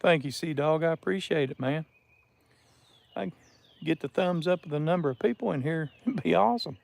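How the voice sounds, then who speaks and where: Creaky-voiced man chatting on a live stream. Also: a little high, normal speed. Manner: chatty, greets viewers by name. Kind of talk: casual live-stream chat. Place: outdoors by a river.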